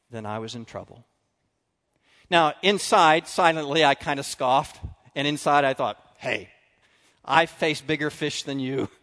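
A man preaching a sermon, telling stories with animated swings between loud and quiet. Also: medium pitch. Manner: animated storytelling, drops to quiet confessional tones. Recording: long reverb of a large hall.

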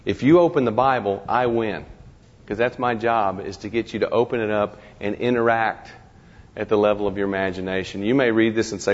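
A man giving an informal lecture to a class, talking conversationally with halting restarts and wry self-deprecating humor. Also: on the low side. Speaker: guest speaker to a ministry class. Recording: dull lo-fi recording in a reverberant hall.

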